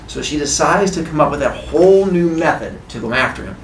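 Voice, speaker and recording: Playful male teacher, lively voice. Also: fairly high pitch, fast, hardly any pauses, slight background noise. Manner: playful, jokey storytelling. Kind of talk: retelling myth to a class. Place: classroom. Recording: echoey classroom.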